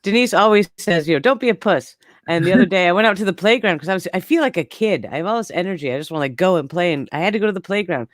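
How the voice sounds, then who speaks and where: A woman's voice: lowish voice, animated, rapid-fire, few pauses, dry recording, clean studio sound. A woman in her forties talking candidly in casual chat, often breaking into laughs. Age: 40s.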